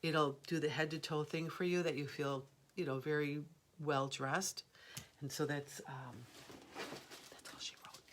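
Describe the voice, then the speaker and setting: A woman's voice: low-pitched, fairly even intonation, a little slow, a little hiss or hum. A middle-aged woman hosting a live jewelry sale, chatting, rambling and laughing easily as she shows each piece. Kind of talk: live shopping stream chat.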